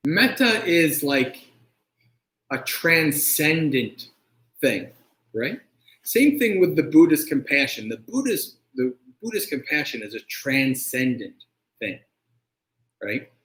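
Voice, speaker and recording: A monk giving a conversational dharma talk and answering questions, often checking in with "right?". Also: male voice, a little high, very animated, takes it slowly, pauses often, fairly bright tone. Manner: conversational, keeps asking "right?". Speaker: monk teacher. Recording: echoey room.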